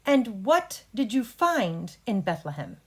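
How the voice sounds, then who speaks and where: A courtroom defense attorney, read out by a woman, who speaks slowly and deliberately, stressing each word. He is formal and matter-of-fact, with a voice of middling pitch. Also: big pitch swings, a little mellow, husky, full character voice. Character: earnest adult male defense attorney in a courtroom play.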